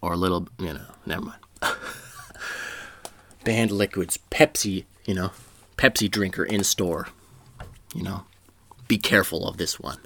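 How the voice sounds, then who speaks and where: A man's voice: sits low, measured pace, long pauses, a bit bright. A man telling a comedic story in a rambling, profane way, laughing at his own jokes.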